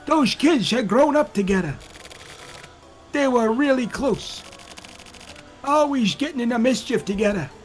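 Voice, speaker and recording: A frail old man who wanders through his story as a witness in a game, put on by a man reading the lines. His voice sits high and swoops around, with a rambling, forgetful manner. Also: expressive, moderate pace, faint music behind.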